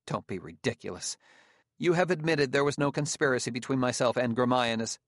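A man's voice: medium pitch, fairly quick, no echo, clean studio sound, lightly acted. A man voicing a proud, cold woman scientist with a sneering, imperious manner in an audiobook reading. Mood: contemptuous.

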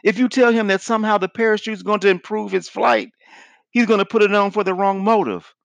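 An earnest male preacher teaches in an emphatic sermon style and drives his points home by repeating them. His voice sits a little high. The sound is dry and close. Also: fairly even intonation, a little fast, gravelly, no echo. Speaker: evangelism teacher.

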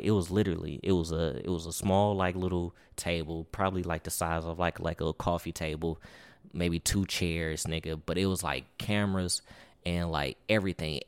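A young man tells a long story in a loose, rambling way, full of profanity and "or whatever". His voice sits very low. The recording is dry and close, with no room sound. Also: dry recording. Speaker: podcast host. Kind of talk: casual storytelling.

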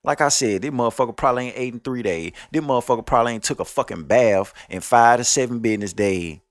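A podcast host rants at his listeners in a fast, blunt, profane, scolding monologue. His voice is medium-pitched, and the recording has no room sound.

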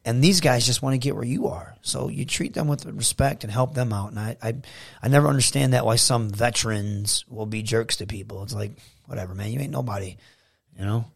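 A man from Michigan chats as a guest on an interview show. His voice sits at a middle pitch and has a gravelly rasp. He tells stories casually and animatedly. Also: brisk. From Saginaw, Michigan, USA. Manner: animated, acts out quotes in a raised voice. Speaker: guest, professional wrestler.

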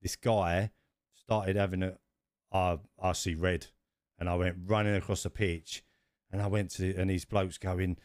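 A man co-hosting a podcast, telling stories in an animated way. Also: low voice, a little slow, no room sound, studio quality. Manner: animated storytelling, rising when worked up. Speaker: podcast co-host. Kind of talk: casual chat.

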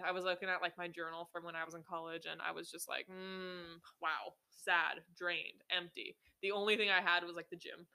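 A woman's voice: lowish voice, pushed and bright, clean tone. A woman in her twenties telling her own story on a podcast, casual and full of swearing and filler words. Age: 20s. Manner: casual, swears often, many ums and likes. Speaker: podcast host.

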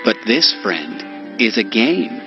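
A cold, smug android. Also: male voice, on the low side, slow, full character voice. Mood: mocking. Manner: calm, detached, mocking. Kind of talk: dubbed anime acting. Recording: dull clip with loud music.

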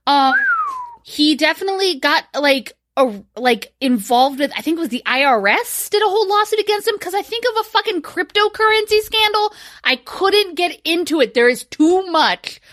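A woman's voice: very high-pitched, lively intonation, moderate pace, a bit bright, no echo, studio quality. A young woman co-hosting a podcast, chatting casually, rambling and swearing with frequent laughter. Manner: giggly, profane, rambling. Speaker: podcast co-host. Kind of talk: casual chat.

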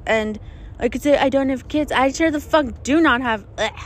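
Speaking at a moderate pace in a high-pitched voice, with slight background noise, a young adult woman talks through a casual solo episode of her podcast. She records outside in the desert as planes fly over. Her style is chatty and profane, full of self-mockery and frequent laughs.

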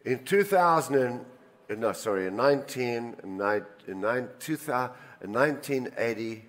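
An older man preaching a sermon, telling personal stories and swinging between loud emphasis and quiet asides. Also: medium pitch, lively intonation, normal speed. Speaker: pastor. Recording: reverberant hall.

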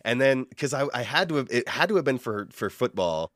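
A man's voice: mid-range voice, big pitch swings, brisk, fairly bright tone, dry recording, studio quality. A man co-hosting a casual podcast chat, a bit nasal from allergies, rambling and laughing as he talks. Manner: rambling, laughs often, self-interrupting. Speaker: podcast co-host.

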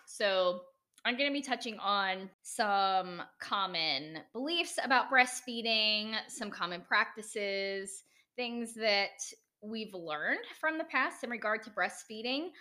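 A woman with an American accent hosts a solo podcast episode, talking in an eager, chatty way and poking fun at herself now and then. Her voice is bright and clear in tone. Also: mid-range voice. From United States. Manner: enthusiastic, chatty, self-deprecating asides. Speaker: podcast host. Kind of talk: solo educational podcast talk.

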